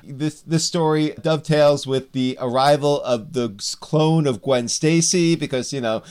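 A man's voice: on the high side, unhurried, darkish tone, clear, resonant tone. A man co-hosting a podcast, chatting casually and rambling, often restarting his sentences and laughing. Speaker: podcast co-host. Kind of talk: casual comic book podcast chat.

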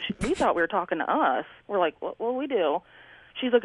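A woman's voice: on the low side, animated, fast, no room sound. A woman calling in, animatedly telling a story and acting out her neighbors' lines. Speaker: caller. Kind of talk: casual storytelling on a call. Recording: tinny phone line.

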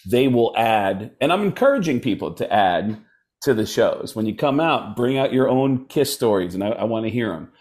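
A man who is a comedian guest, telling animated stories and switching into voices for the people he quotes. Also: medium pitch. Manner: lively anecdotes with quick voice switches for quoted people. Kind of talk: animated storytelling chat.

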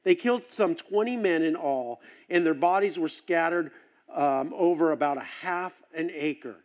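A man with a high voice preaches a sermon. He tells the story with animated, acted-out asides. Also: measured pace. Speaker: pastor.

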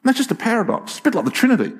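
An older man preaching a sermon to his congregation, animated and joking, with emphatic peaks. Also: very high-pitched, racing, breathy edge. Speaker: pastor. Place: church hall with congregation.

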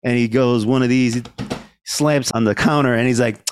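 A man's voice: mid-range voice, fairly even intonation, moderate pace, slight background noise. A man hosting a podcast, telling a story in casual chat, swearing freely and acting out the people he quotes. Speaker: podcast host.

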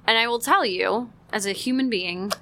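A mother telling a parenting story in a casual teaching talk, animated, with frequent "like" and quick acted-out quotes. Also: fairly high pitch, a little hiss or hum.

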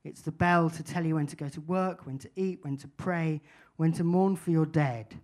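A man's voice: fairly high pitch, steady tone, moderate pace, a little mellow, close to an everyday voice. A man voicing a German musician who lectures earnestly and insists on his point. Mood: insistent.

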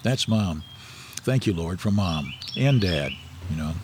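A man's voice: low voice, lively intonation, unhurried, noisy background. A middle-aged man, a guest in an interview, telling stories in a rambling, anecdotal way with many fillers and restarts. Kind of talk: casual storytelling interview.

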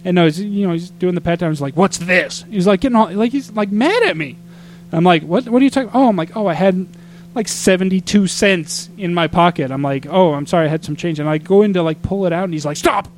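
Chatty man with a higher voice. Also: fast, slight background noise. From Arizona. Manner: animated, exasperated storytelling with acted-out quotes. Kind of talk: casual storytelling chat.

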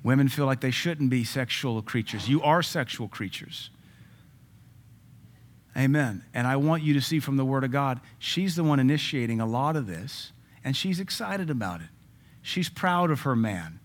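A male pastor in the middle of a sermon, playful and quick with a joke. His voice sits at an everyday middle pitch, and he punctuates his points with amens. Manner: joking, punchy preaching with frequent amens.

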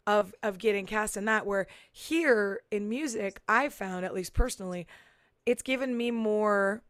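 A woman's voice: mid-range voice, unhurried, no room sound. Chatty woman, dry close sound. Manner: chatty, many fillers and restarts. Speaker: musician and podcast guest. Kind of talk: casual chat. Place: San Diego.

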